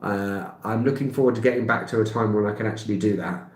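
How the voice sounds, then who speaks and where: A man's voice: fairly low pitch, fast talker. Chatty London man in an echoey room. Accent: London English. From England. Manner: rambling, with frequent filler sounds and small laughs. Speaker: travel vlogger. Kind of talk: casual live-stream chat answering comments. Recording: roomy echo.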